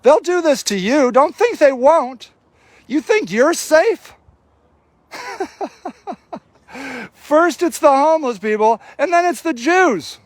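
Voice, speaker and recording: Very high-voiced indignant man. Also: expressive, measured pace, dry recording. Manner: indignant, sarcastic, swears freely. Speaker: activist filming a livestream. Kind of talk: live running commentary. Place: outdoor homeless camp in snowy cold.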